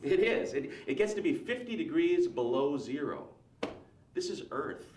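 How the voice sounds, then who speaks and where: A man's voice: a little high, big pitch swings, a little mellow, distant mic, a little hiss or hum. Wry Wisconsin-accented stand-up man. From Wisconsin, USA. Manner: wry, self-deprecating, quick asides to the crowd. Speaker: stand-up comedian. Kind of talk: stand-up comedy set. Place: comedy club stage. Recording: roomy live stage sound from off-mic. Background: audience laughter.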